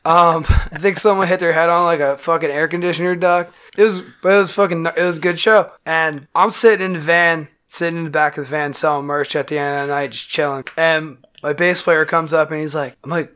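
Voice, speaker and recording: A man, a band musician, telling a wild story in casual, profane talk, acting out the quotes loudly. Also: fairly high pitch, fairly even intonation, fairly quick, few pauses, clear, resonant tone.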